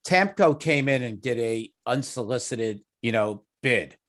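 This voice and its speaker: Man, Long Island accent, committee chair; easygoing, thinks aloud, mid pitch. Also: expressive, unhurried, fairly bright tone. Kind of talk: meeting discussion.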